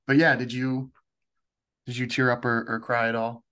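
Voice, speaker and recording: A man's voice: mid-range voice, level tone, normal speed, pushed and bright, clean tone. A man hosting a podcast, chatting casually, teasing and laughing easily. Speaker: podcast host. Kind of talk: casual chat.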